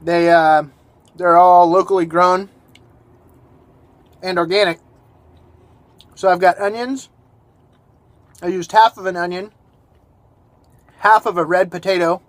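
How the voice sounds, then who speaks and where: A high-voiced man chats easily to his viewers between bites of food. His tone is relaxed and friendly, and he sometimes talks with his mouth full. The sound is close and dry, with no room echo. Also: slow pace, long pauses. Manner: relaxed, chatty, talks while eating. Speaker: van life vlogger. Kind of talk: casual vlog talk to camera. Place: inside a van.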